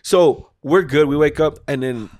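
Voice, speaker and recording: A man's voice: a little high, measured pace, a little mellow, no room sound. A man hosting a podcast, telling a long casual story full of restarts and swearing, acting out his own quoted lines. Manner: rambling, acts out quotes, swears freely. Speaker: podcast host.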